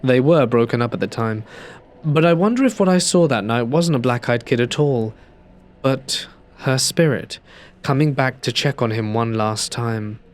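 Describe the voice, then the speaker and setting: A man reading a first-person horror story aloud in a measured, hushed storytelling voice. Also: mid-range voice, animated. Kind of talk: scripted narration.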